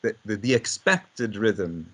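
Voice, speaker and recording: A man's voice: on the low side, takes it slowly. A man hosting a casual discussion about verse, agreeing and adding short explanations. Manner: affirming, backchanneling with short agreements. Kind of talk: casual conversational teaching talk.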